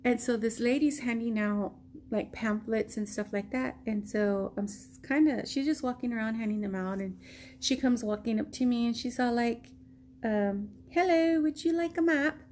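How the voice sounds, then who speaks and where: Slow-talking, rambling woman from Texas. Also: fairly high pitch, fairly even intonation, darkish tone, slight background noise. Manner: slow, rambling storytelling full of ums, acting out quotes. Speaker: vlogger. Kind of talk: casual story time.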